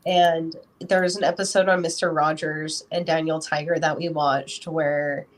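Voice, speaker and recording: Lowish-voiced woman chatting loosely. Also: little pitch movement, measured pace. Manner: rambling, full of "you know" fillers. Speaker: podcast guest; parent. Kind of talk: casual interview talk.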